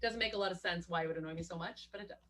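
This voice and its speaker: A woman's voice: on the low side, rapid-fire, a bit bright. Eager young woman reciting movie quotes. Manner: enthusiastic, quotes lines from the movie. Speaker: podcast co-host. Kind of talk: casual film chat.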